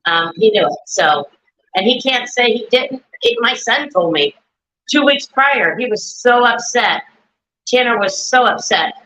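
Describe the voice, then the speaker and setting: A woman's voice: on the high side, animated, a little slow, sharp tone. A woman, a mother, talking in a rambling casual chat, often quoting her son and herself. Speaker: grieving mother and guest. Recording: dull lo-fi stream audio.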